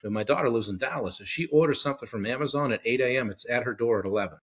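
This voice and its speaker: A man's voice: mid-range voice, racing. A middle-aged man hosting a podcast, chatting casually, filling gaps with "uh" and checking in with "right?". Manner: conversational, many filler words, checks in with "right?". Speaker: podcast host. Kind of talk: casual interview chat.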